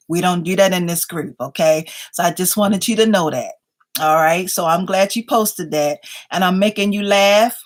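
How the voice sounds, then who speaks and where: A woman's voice: medium pitch, fairly bright tone. A woman in her fifties hosting a live stream, chatting casually and laughing often as she reads viewer comments aloud. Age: 50s.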